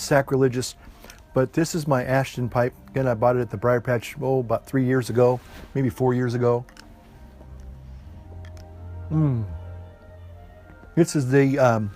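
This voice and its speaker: A man with a medium-pitched, slightly mellow voice chats casually to the camera outdoors in the evening, puffing on a pipe. He rambles with lots of fillers and restarts, says "y'all" in a folksy way, and classical music plays faintly in the background.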